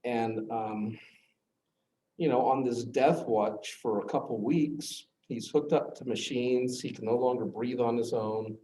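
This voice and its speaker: A man's voice: a little slow, mellow. Middle-aged male teacher telling a story. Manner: earnest storytelling, voice drops low on hard moments. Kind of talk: classroom lecture, personal story. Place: classroom. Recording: echoey classroom, faint noise.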